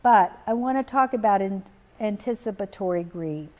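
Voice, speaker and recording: A middle-aged woman, giving a gentle, reflective talk on grief, pausing often and repeating key phrases. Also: mid-range voice, expressive. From Texas. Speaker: speaker on grief. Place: live talk in a community setting.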